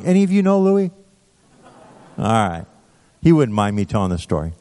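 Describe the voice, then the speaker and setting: A man preaching, telling a story in a conversational, animated way with asides to the audience. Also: on the high side, moderate pace, pauses often. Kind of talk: sermon storytelling. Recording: reverberant hall.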